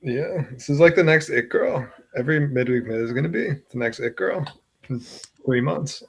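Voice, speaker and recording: A young man in his twenties, a guest writer, talking in a relaxed, filler-heavy way on a podcast. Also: mid-range voice, moderate pace, creaky, husky. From New York. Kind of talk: casual podcast chat.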